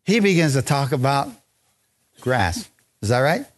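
A man preaching a lively, joking sermon in a church, drawing responses from the congregation. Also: medium pitch, unhurried. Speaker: pastor. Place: church sanctuary.

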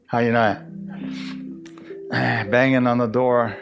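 A man's voice: medium pitch, flat delivery, slow, vocal fry, faint music behind. A man in his sixties from Arizona giving a folksy church testimony, chuckling often and restarting his words as he tells the story.

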